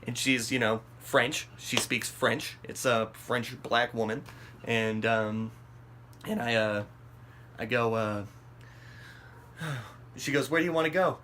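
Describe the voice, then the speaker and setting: A man's voice: medium pitch, slow pace, long pauses, slight background noise. Rambling, profane male storyteller. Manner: rambling and profane, many fillers and restarts; animated, voice jumps up when acting out his own panic. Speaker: vlog host telling a story. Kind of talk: casual storytelling.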